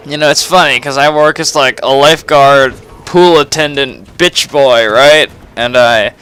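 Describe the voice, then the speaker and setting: A man's voice: medium pitch, pushed and bright, clear, resonant tone. A young man in his late teens, a bit drunk, rambling and swearing through a confessional monologue, with laughs and sighs between phrases. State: tipsy from drinking. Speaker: gamer recording a personal vlog.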